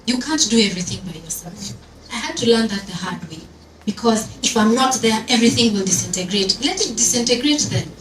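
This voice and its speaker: Brisk and fairly high-pitched, a woman on an event panel tells animated stories, switching into Swahili as she interacts with the audience. She's in an event hall, recorded from far off in a noisy, echoey space.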